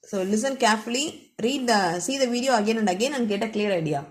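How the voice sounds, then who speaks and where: A woman teaches a computer science lesson in a somewhat high voice. She walks through the material step by step, restating each point and closing sections with a short wrap-up phrase. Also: lively intonation, fast talker. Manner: explains step by step, repeats phrases, often ends with "that's all". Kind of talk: recorded classroom lesson.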